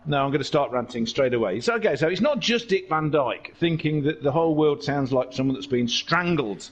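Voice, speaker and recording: A rambling, joking man calls a charity sim race, drifting from one tangent to the next. His voice sits a touch high for a man. The audio is dull and lo-fi. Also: expressive, brisk. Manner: rambling, jokey, goes off on tangents. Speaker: race commentator. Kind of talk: livestream race commentary.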